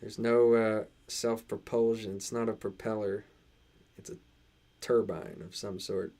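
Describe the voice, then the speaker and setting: A man with a transatlantic accent hosting a casual live stream, reading chat aloud and answering in halting, restarting sentences. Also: lowish voice, flat delivery, warm tone.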